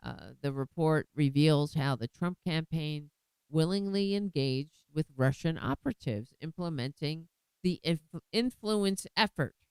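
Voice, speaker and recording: A woman's voice: low voice, expressive, unhurried, a little mellow, clean tone, no echo, low-quality recording. A woman hosting her own political commentary show, talking bluntly and with indignation, often restarting her sentences.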